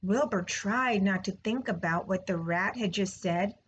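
A woman, a third grade teacher, reading a children's novel aloud slowly, clearly and expressively. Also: mid-range voice, a little hiss or hum, rough recording. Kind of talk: storybook read-aloud.

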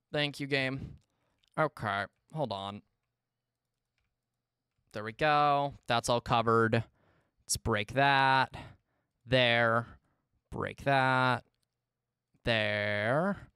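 A male streamer giving casual live gameplay commentary from his room, talking to himself and chat, swinging between exasperated yelps and low mumbling. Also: very slow, pauses often, pushed and bright, clear, resonant tone, no room sound, studio quality.

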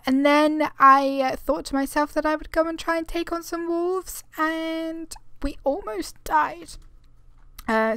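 A woman's voice: high voice, a bit bright, no room sound. A young woman chatting casually as she plays a survival video game, rambling and thinking aloud at her computer. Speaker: gaming channel host. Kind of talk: casual gameplay commentary.

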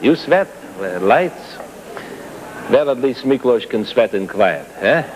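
A man's voice: mid-range voice, animated, slow pace, slight background noise, rough recording. A man playing a middle-aged Hungarian host of a children's TV show who plugs his wine, talking in broken English with muttered asides. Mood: grumbling. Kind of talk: 1950s live TV sketch comedy.

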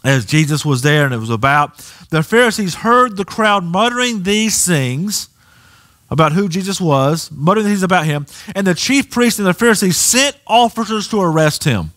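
A pastor with a Southern US accent preaching a sermon in a church, animated and rising to near shouts. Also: male voice, sits high, a little slow. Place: church sanctuary.

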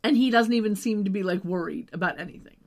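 Quick-paced and medium in pitch, a woman co-hosts a podcast, casually recapping a TV episode. She's chatty, adds wry asides, and trails off with "just saying."

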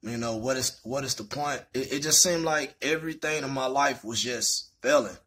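A man's voice: medium pitch, normal speed, bright, forceful tone, breathy edge. A young man telling a personal story in a candid, rambling way, full of fillers. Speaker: vlogger.

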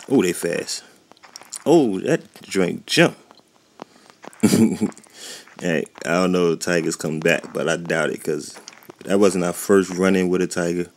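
A man's voice: low voice, takes it slowly, pauses often, darkish tone, slight background noise. A man giving rambling, chatty gameplay commentary who often loses his train of thought, recorded indoors at home. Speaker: gaming YouTuber. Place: warm indoor room at home.

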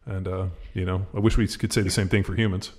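A man's voice: deep voice, little pitch movement, fast, a little mellow. A man co-hosting a podcast in loose, rambling casual chat, full of fillers and swearing. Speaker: podcast co-host.

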